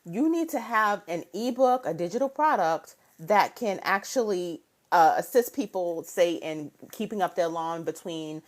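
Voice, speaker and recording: A woman in her thirties coaches her viewers on a casual live stream, talking into a phone mic at home. Her voice sits a little low, but she stays lively, greets people by name and checks in with "right?" again and again. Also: unhurried, few pauses.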